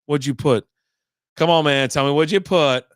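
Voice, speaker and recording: Homem falante e desbocado em conversa seca. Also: male voice, a little high, normal speed, smooth, no room sound, clean studio sound. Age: middle-aged. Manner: rambling, profane, chatty. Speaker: beer podcast host. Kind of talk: casual livestream chat.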